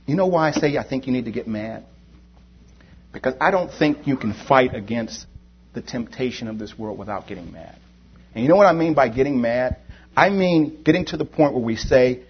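A man's voice: mid-range voice, lively intonation, brisk, slightly rough. A man preaching a sermon, impassioned and building to fervent exhortation, then leading a prayer. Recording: dull lo-fi sermon recording.

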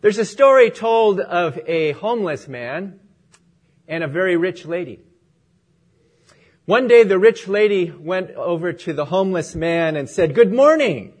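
A man's voice: fairly high pitch, a little slow. A male pastor opening in prayer and telling a story as he preaches a sermon.

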